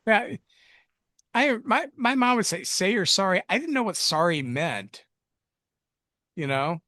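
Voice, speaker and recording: A man's voice: high-pitched, very animated, slow, sharp tone, no room sound, studio quality. A man co-hosting a film review podcast, recapping the plot in a rambling, jokey way with self-mocking asides. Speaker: podcast co-host reviewing films. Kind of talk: casual chat recapping a movie plot.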